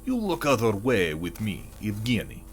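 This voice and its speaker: A man's voice: fairly low pitch, huge pitch swings, moderate pace, soft background music. A man voicing a shady male crew member in a put-on Russian accent, talking in a conspiratorial, haggling way. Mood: scheming.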